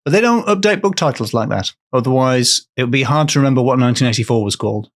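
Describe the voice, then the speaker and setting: A man's voice: medium pitch, animated, fast. A man hosting a podcast, telling a story in casual comedic chat, playful and full of puns.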